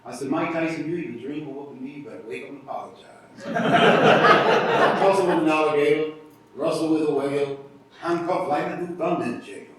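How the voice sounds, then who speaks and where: A man's voice: fairly high pitch, very animated, a little fast, very noisy. Cocky rhyming boxer, put on by a male speaker; taunting, rhythmic boasts, distant roomy sound. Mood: boastful. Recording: echoey room heard from afar.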